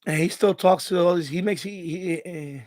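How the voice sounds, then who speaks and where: A man's voice: sits high, moderate pace, a little mellow, dry recording. Choked-up man on a live stream. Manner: emotional, choked up, rambling with restarts. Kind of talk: casual live stream chat. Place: home.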